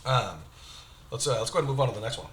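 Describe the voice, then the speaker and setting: A man's voice: mid-range voice, expressive, racing, heavy background noise. A man hosting a casual interview over spicy wings, chatty, laughing often and restarting his questions. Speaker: host, real estate agent. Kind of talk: casual hot-wing interview chat.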